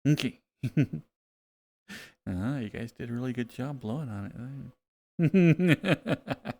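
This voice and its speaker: A man chatting casually on a live stream, playful and relaxed, laughing often. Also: mid-range voice, takes it slowly, gravelly. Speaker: VRChat streamer.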